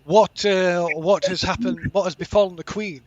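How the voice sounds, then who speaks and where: A formal, stately warrior woman speaks, put on by a man running a tabletop game. His voice sits a little above his plain talk, measured and courtly. She sounds like someone long imprisoned, now meeting strangers. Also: sits high, steady tone, dry recording, muffled recording, voice pushed up.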